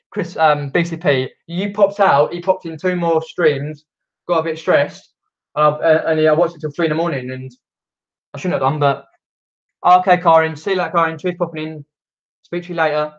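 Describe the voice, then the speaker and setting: Downstairs at home, a man from Britain live-streams casually, reading viewer comments aloud and rambling with many fillers and restarts. His voice, with a British English accent, is on the high side at normal speed, and the camera mic makes it sound muffled.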